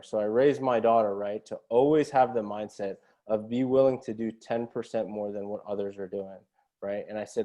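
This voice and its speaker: A podcast guest's dark, lowish voice holds fairly even intonation at a moderate pace. He tells a story in a casual, earnest, motivational way. Many of his lines end on a questioning "right?".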